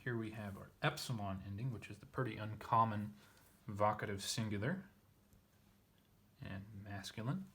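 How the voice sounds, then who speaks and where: A man's voice: fairly low pitch, moderate pace, fairly bright tone, breathy edge. A man teaching a text line by line, thinking aloud with frequent fillers and self-corrections. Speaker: Greek teacher. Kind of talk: casual lesson reading.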